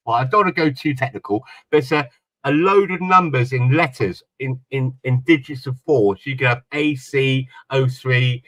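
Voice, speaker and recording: A man's voice: medium pitch, normal speed, a bit bright, dry recording, rough recording. A man telling a long story in casual chat on a panel, rambling and repeating his words. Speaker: panel guest.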